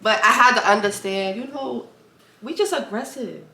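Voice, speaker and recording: Bold New York woman guest, gravelly voice, echoey room with faint background noise. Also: a little high, moderate pace, pushed and bright. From Harlem, New York. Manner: bold and outspoken, laughs a lot. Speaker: podcast guest. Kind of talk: casual chat.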